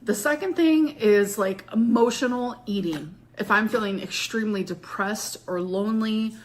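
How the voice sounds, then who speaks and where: A woman speaks on her own live stream, answering viewers openly. Her talk is loose and filled with "like", at a mid pitch. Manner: candid, filler-heavy with "like".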